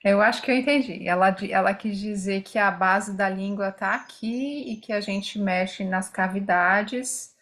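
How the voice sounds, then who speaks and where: A woman's voice: medium pitch, normal speed, few pauses, a bit bright. A woman student asking a hesitant question in a singing class, then restating it. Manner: hesitant, with many fillers.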